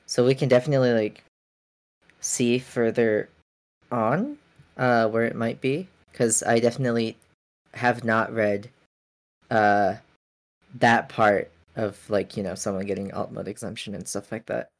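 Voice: mid-range voice, fairly even intonation, unhurried, pauses often. A podcast co-host in casual fan chat, blunt and joking with fillers.

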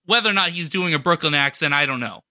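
A man's voice: a little high, expressive, quick pace, sharp tone, no echo, studio quality. A man cohosting a podcast, chatting enthusiastically about a movie and often restarting his sentences. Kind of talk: casual chat.

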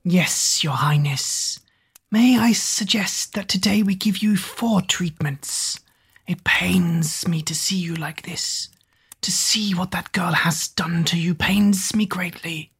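Whispered role-play: woman as sly lizard manservant, oily and grovelling, husky hush. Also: lowish voice, full character voice. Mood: fawning. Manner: hissing whisper, slow and oily. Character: fawning male lizard servant, sly and grovelling.

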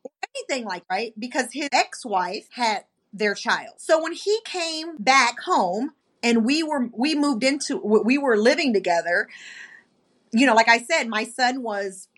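A woman in her thirties, a podcast co-host, in casual chat, telling a story with animated quoted dialogue. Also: on the high side, a little slow.

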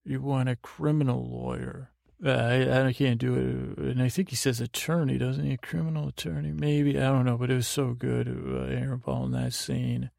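Gravelly-voiced man rambling at bedtime. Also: mid-range voice, flat delivery, darkish tone, no room sound, clean studio sound. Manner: meandering, halting, full of restarts. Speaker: podcast host.

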